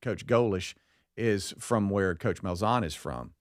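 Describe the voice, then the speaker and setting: A man's voice: lowish voice, lively intonation, measured pace, dry recording, clean studio sound. A man co-hosting a radio talk show, telling stories and joking in casual banter. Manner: joking, storytelling. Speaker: co-host.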